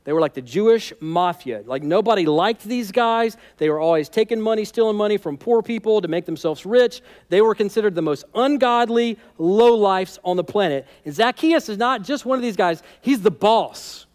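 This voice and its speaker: Male pastor, high pitch, casual humorous sermon delivery. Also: animated, normal speed, few pauses, darkish tone. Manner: conversational, humorous, emphatic.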